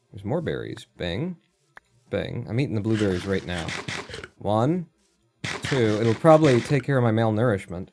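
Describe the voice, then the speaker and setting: A man streaming a game live, thinking aloud, counting under his breath, chatting to animals and breaking into excited outbursts with casual swearing. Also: mid-range voice. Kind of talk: live gameplay commentary.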